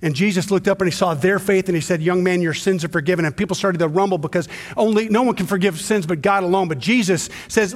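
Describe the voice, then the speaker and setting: A male pastor preaching a sermon, swinging from hushed, slow storytelling to loud, intense emphasis. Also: high-pitched. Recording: long hall reverb.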